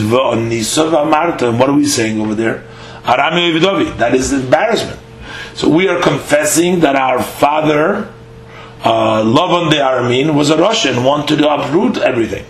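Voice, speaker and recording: A man teaching a daily Talmud lesson. He reads a phrase of the text, translates it, and explains it in a halting way with many "uh" fillers. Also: mid-range voice, echoey room, a little hiss or hum, rough recording. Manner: reads Hebrew-Aramaic phrases, then translates them.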